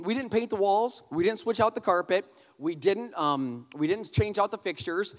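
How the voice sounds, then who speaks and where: A man preaching a sermon, telling a humorous family story in an animated, conversational way and addressing the crowd directly. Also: high-pitched, in a large hall. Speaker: pastor.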